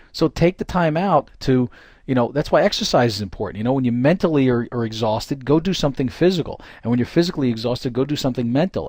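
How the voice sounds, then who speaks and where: A middle-aged man, giving an informal, animated motivational talk with many fillers and restarts. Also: medium pitch, no room sound. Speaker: goal-setting coach.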